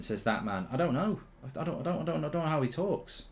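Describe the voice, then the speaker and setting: A man hosts a live football watchalong in a fairly high voice. His talk is loose and chatty, and he circles back to the same point again and again. Between plays he reads viewer comments aloud. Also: expressive, fast. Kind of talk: casual live match commentary and chat.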